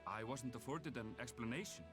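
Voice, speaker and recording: An actor with an Icelandic accent playing a calm, courteous male gleaner in a video game. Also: medium pitch, fairly quick, over music, lightly acted. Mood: explaining. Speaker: game character.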